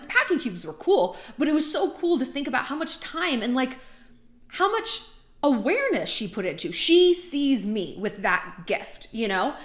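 Talkative woman host giving dating tips, fairly high voice, roomy room sound. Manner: talkative, heavy use of "like", animated asides. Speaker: vlogger giving dating advice. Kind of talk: casual chatty monologue. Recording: roomy echo.

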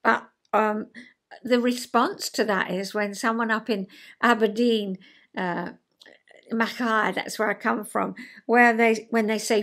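A woman's voice: fairly high pitch, fairly even intonation, slow, fairly bright tone. A woman in her sixties from the south east of England with a Southern English accent, hosting a chatty home vlog, rambling with lots of fillers and asides. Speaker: vlog host. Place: at home, indoors.

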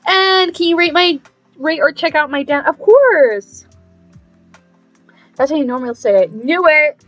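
A woman live-streaming a game in casual chat, bubbly and chatty, reading messages aloud and thanking viewers with excited squeals. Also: high voice, normal speed, muffled recording, soft background music.

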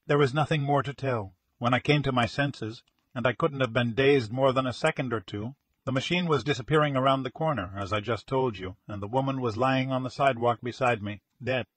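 An earnest young jewelry salesman, formal and insistent even while shaken, as an audiobook reader puts him on. His husky voice is slightly breathy and recorded dry and close. He lays out his account carefully. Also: mid-range voice, fairly quick, dry recording, close to an everyday voice. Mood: recounting. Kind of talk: audiobook character reading.

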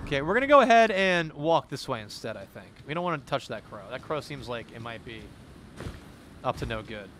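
A man streaming a game live, reacting loudly, yelling and swearing at surprises, then muttering quiet asides. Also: medium pitch, brisk, noisy background. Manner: excitable, yells and swears at surprises; drops to muttered asides between outbursts. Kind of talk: live gameplay commentary.

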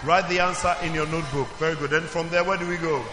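A man's voice: on the high side, fast, music in the background. A man teaching a children's church in call-and-response, asking questions and prompting the group to answer. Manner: animated, questioning the audience, calling for answers. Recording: reverberant hall.

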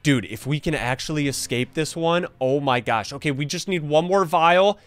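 High-voiced excitable young man gaming. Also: normal speed, dry recording, faint music behind. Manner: jumpy, panicky, frequent gasps and yelps. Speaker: gaming channel host. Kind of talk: excited gameplay commentary.

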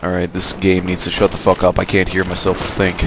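A man's voice: sits low, monotone, fairly quick. A tired young man giving rambling, jokey gameplay commentary, swearing a lot and wandering off on tangents. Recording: game gunfire noise behind.

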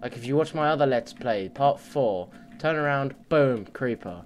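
A young man commentating on his game at home, muttering and swearing, with sudden loud yells. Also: mid-range voice, lively intonation, normal speed, a little hiss or hum. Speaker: let's play gamer. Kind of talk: casual gameplay commentary. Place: home computer desk. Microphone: desk mic under the monitor.

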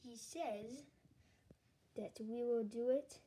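A woman voicing a sinister, scheming villain in a low, hushed, menacing voice for a homemade toy story. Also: takes it slowly, low-quality recording.

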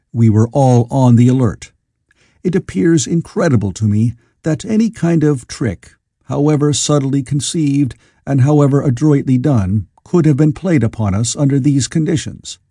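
A man narrating an audiobook in a measured, expressive way. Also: medium pitch, slightly rough, no room sound, studio quality. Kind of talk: scripted narration.

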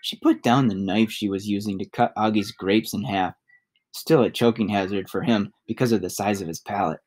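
A man reading a novel aloud in a steady, even narration. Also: fairly low pitch, moderate pace. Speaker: audiobook reader.

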